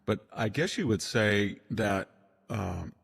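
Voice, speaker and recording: Older guy rambling on with lots of restarts, super low voice, reverb-y sound. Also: animated, slow, gravelly, fairly bright tone, breathy edge. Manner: rambling, discursive, many restarts. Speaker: historian guest. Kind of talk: casual conversation.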